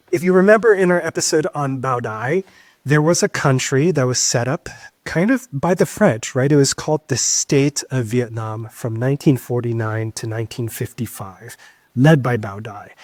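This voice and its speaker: Man teaching history on a podcast, warm mellow tone, dead dry sound, emphatic lecturing. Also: mid-range voice, dry recording. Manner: lecturing, emphatic, with frequent "keep in mind" asides. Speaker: podcast co-host. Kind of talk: explanatory history podcast talk.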